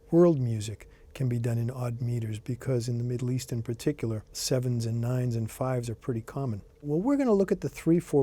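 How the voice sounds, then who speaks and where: A middle-aged man gives a relaxed guitar lesson, explaining things patiently and counting out beats. His voice is dark and mellow, and it sits at an ordinary pitch for a man. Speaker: guitar instructor.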